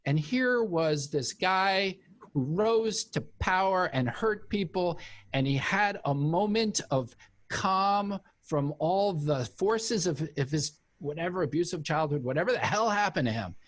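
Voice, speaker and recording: A man's voice: high-pitched, measured pace. A man speaking as an interview guest, telling a personal story in casual conversation and acting out the voices of the people in it. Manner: animated storyteller who acts out quoted voices. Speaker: interview guest, author and former cult member.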